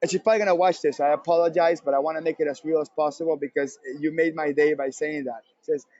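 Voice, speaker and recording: A man giving a live conference talk, energetic and repeating his points for emphasis. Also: fairly high pitch, quick pace, muffled recording. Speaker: presenter at a conference session. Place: convention center session room.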